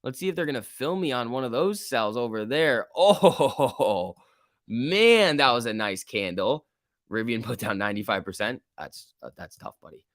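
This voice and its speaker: A man hosting a casual livestream, giving excitable running commentary and answering chat. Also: medium pitch, moderate pace, no echo, clean studio sound. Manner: excitable, reacts aloud and reads chat. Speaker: livestream host. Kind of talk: casual live market commentary.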